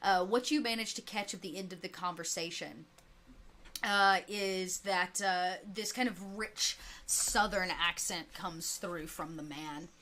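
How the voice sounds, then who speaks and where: A woman's voice: on the low side, sharp tone, slight background noise. A woman running a tabletop game as game master, narrating scenes in a chatty way. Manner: chatty, with many fillers and restarts, quick asides.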